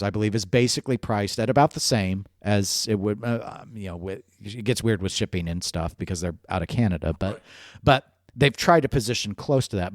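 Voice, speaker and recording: A man's voice: on the low side, no room sound, studio quality. A man co-hosting a casual podcast chat, rambling along, restarting his sentences and laughing at himself. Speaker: podcast co-host.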